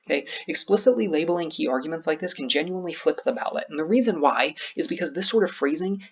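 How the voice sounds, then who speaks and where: A young man lectures on debate delivery, racing through his points in a raised, gravelly voice. He slows down on key words to stress them. The sound is slightly dull and lo-fi. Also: on the high side, a bit bright. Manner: fast, emphasizes key words by slowing down. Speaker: debate coach.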